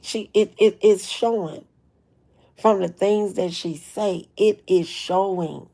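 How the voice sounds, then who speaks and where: Blunt gravelly-voiced woman live streaming. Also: lowish voice, mellow. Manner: blunt, emphatic, repeats herself; greets chat viewers by name. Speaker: livestream host. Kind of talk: casual live-stream commentary.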